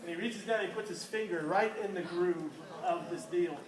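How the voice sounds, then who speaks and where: High-voiced male youth preacher, echoey hall. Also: moderate pace, crowd noise. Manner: animated, laughing storyteller who quizzes listeners. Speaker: youth pastor. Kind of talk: storytelling sermon. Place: hall with a live audience. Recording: roomy, distant, noisy room recording.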